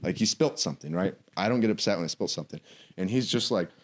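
A man's voice: deep voice, lively intonation, fast. A man in casual conversation, speaking animatedly and acting out quotes as he talks.

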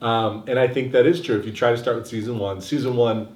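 A man's voice: medium pitch, steady tone, quick pace, a little mellow. A man co-hosting a casual podcast chat, explaining things in a matter-of-fact way. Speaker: podcast co-host. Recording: roomy echo.

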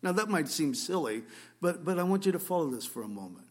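A man preaching a sermon, reading scripture and expounding on it, swinging between loud rhetorical questions and quiet asides. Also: on the high side, sing-song, fast talker. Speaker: pastor.

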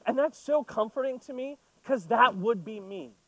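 A man's voice: extremely high pitch, lively intonation, normal speed, pushed and bright, no room sound, rough recording. A man preaching a sermon, reading scripture and then talking through it in a conversational way with playful asides. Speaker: pastor.

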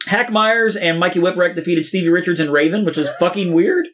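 A man with a notably high voice, reading results aloud in a casual podcast chat. He goes line by line, stumbling over words and filling pauses as he goes. He swears freely and sounds unpolished. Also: fairly bright tone. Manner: reads results in a halting way with many uh fillers and swearing.

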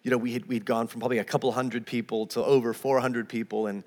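A man's voice: medium pitch, flat delivery, quick pace, darkish tone, long reverb tail. A man pastor preaching a sermon, earnest and emphatic, often repeating words as he builds a point.

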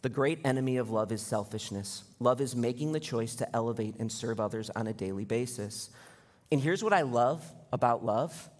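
A man's voice: medium pitch, moderate pace, a little mellow. A man in his thirties preaching a sermon as pastor, direct and conversational, asking the congregation questions. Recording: long hall reverb.

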